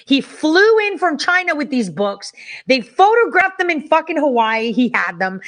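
Brief: woman host, somewhat high voice, heated and profane commentary, hammers points by repetition. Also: big pitch swings, moderate pace, a bit bright. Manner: profane, heated, repeats herself. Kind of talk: angry political commentary.

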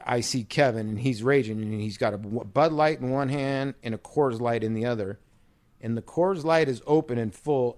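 A man spins a loose, profane anecdote on a podcast, jumping in and out of quoted voices. His voice sits at an ordinary middle pitch and is recorded close and dry, with no room around it. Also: a little mellow, no echo. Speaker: podcast co-host, former pro ballplayer. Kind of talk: casual storytelling chat.

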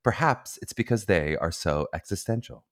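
A man's voice: low-pitched, normal speed. A man hosting a podcast quiz game, reading clues in a playful, teasing way. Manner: teasing, animated, bouncy delivery.

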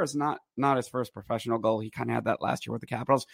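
Animated man recapping a hockey game. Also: medium pitch, racing, creaky, hardly any pauses, slightly rough, dry recording, studio quality. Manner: rambling and animated, breaks into acted quotes. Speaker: podcast host.

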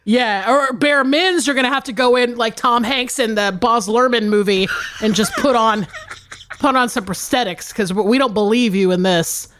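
Playful, higher-voiced woman podcaster. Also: normal speed, a bit bright, a little hiss or hum. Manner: profane, playful, repeats herself. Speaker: podcast co-host. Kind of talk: casual chat.

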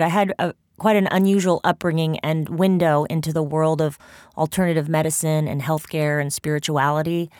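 A woman's voice: fairly low pitch, no room sound, studio quality. A woman author talking casually about her book in a playful, rambling, self-deprecating way. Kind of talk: casual spoken reflection.

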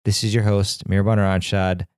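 A man's voice: fairly low pitch, little pitch movement, normal speed, a little mellow, clear, resonant tone, dry recording, studio quality. A man hosting a podcast, wrapping up the episode in a casual, jokey, rambling way with self-deprecating asides. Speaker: podcast host. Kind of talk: casual outro chat.

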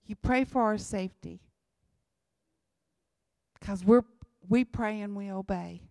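A woman's voice: medium pitch, slow, vocal fry, warm tone, no room sound, studio quality. A woman, giving an emphatic church talk about mission work and repeating her key lines. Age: 60s. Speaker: missionary speaker.

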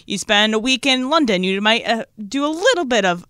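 A woman's voice: a little high, lively intonation, a little fast, a bit bright, smooth, no echo. A woman co-hosting a talk show, bringing up topics in a hesitant way with lots of fillers. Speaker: radio co-host bringing topics. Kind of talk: casual studio chat. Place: radio studio.

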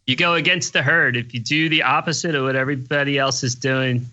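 Bright-voiced older male guest. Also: mid-range voice, steady tone, a little fast, highs cut off. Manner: easygoing, plain-spoken. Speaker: guest investor. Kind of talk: casual interview chat.

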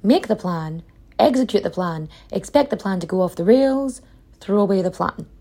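A woman's voice: medium pitch, expressive, moderate pace, mellow. A woman hosting a podcast, telling a history story in a chatty, rambling way with casual swearing and side stories. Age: adult mother. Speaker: podcast host.

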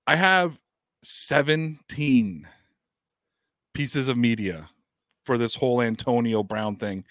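Speaking slowly in a medium pitch, this sports podcast host chats casually about football news. He's animated, reads statements aloud and asks rhetorical questions, recorded dry at studio quality.

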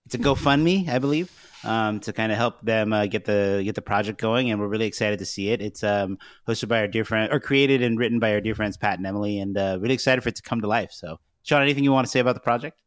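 A man co-hosting a casual podcast, laid-back and laughing easily, chiming in with quick agreements. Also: fairly low pitch, no room sound, studio quality. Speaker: podcast co-host.

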